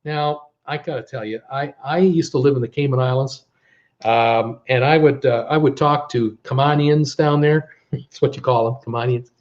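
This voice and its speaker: A man's voice: mid-range voice, moderate pace, a little mellow, lo-fi sound. A middle-aged Canadian man hosting a casual live travel vlog, folksy and exasperated, with lots of filler words. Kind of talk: casual live-stream chat.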